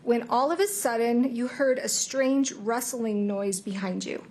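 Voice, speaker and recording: A woman's voice: a little high, darkish tone. A woman attorney questioning a witness in court, reading back the account point by point. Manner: measured, repeating the witness's account.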